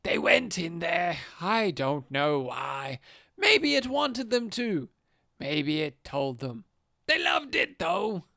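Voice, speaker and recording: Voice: medium pitch, big pitch swings, creaky, pushed and bright, no room sound, clean studio sound, heavily acted. Someone putting on a haunted site director. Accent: put-on accent. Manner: slow, halting, swinging between murmurs and outbursts. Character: haunted male site director, shaken and obsessed. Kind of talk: dramatic reading of a log.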